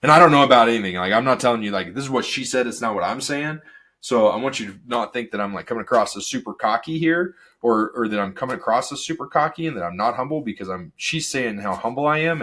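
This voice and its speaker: A man's voice: mid-range voice, sharp tone. A man hosting a solo podcast, talking energetically and rambling off on tangents. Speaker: podcast host.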